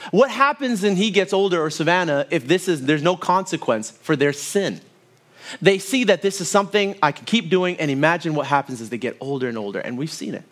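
A man's voice: fairly high pitch, animated, brisk, fairly bright tone. A man in his thirties preaching a sermon to his church, telling family stories and asking the congregation to respond. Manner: storytelling with asides to the congregation. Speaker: pastor.

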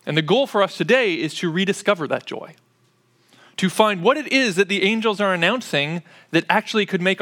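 A man's voice: high-pitched, animated, a little fast, sharp tone. A man preaching a sermon in a church, conversational and sprinkled with "uh" fillers. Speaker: pastor.

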